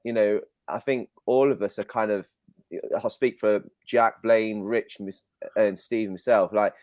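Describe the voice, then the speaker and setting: Low-voiced host on a call. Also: male voice, steady tone, unhurried, darkish tone, dry recording. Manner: hesitant, affectionate, full of "brother" and "mate". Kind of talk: casual video call chat. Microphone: video call.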